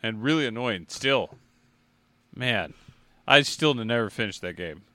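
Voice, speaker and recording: A man co-hosting a casual podcast chat, talking in a lively way, laughing often and swearing casually. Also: medium pitch, measured pace, no echo. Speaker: podcast co-host.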